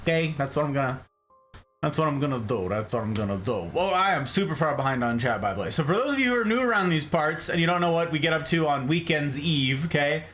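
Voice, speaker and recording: A man hosts a live stream and chats casually with his viewers. He greets them one by one and reads their comments aloud in a playful way. His voice sits a little high and swings widely in pitch, with faint music playing underneath. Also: lively intonation, quick pace, a bit bright. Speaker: streamer host.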